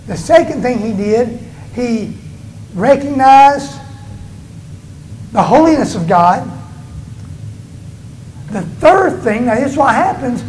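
A man's voice: extremely high pitch, a little mellow, slight background noise, low-quality recording. Man preaching an emphatic sermon. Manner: preaching with emphatic rising and falling delivery, drawn-out stressed words. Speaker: pastor. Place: church.

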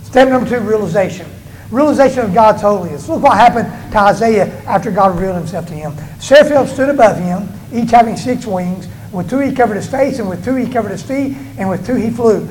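A man's voice: high voice, a little mellow, poor audio. Man preaching an emphatic sermon. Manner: preaching with emphatic rising and falling delivery, drawn-out stressed words. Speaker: pastor. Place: church.

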